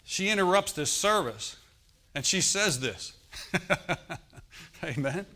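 A man's voice: fairly high pitch, expressive, slow, pushed and bright. A man preaching a sermon to his congregation, conversational, checking in with "amen" and lifting his voice for emphasis. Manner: chuckles and rises in volume for emphasis. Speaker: pastor. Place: church service.

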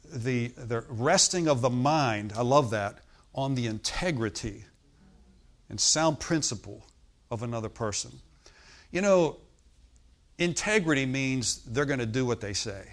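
A man preaching a sermon in an emphatic, repetitive style, often calling out to his listeners for agreement. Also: mid-range voice. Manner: emphatic, repetitive, frequent "Amen?" calls to listeners. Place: hotel meeting room.

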